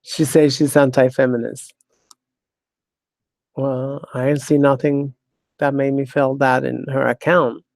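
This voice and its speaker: A woman's voice: a bass voice, level tone, measured pace, creaky, pauses often, darkish tone, dry recording. A woman hosting her own talk show, delivering a blunt, sardonic monologue, cursing freely and laughing often. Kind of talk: casual monologue.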